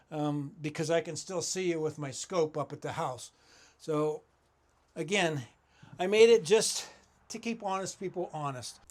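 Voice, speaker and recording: A man's voice: on the high side, a little hiss or hum. A middle-aged man casually showing off something he built, talking plainly and rambling a bit, repeating himself as he explains. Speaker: YouTube maker showing his firewood stand. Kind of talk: casual walkthrough vlog. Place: outdoors by a roadside stand.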